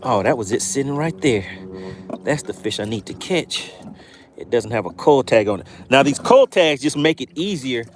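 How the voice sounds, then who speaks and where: A man hosting a live fishing stream from a boat outdoors, reading chat and shouting playful catchphrases. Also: medium pitch, lively intonation, moderate pace. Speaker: fishing livestream host.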